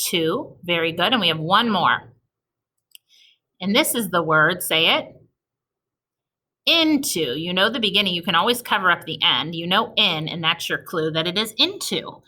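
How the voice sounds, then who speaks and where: A woman teaches young children an early-reading lesson in a recorded video, slowly and patiently sounding out each letter and praising them. Her voice is fairly low with a sharp tone.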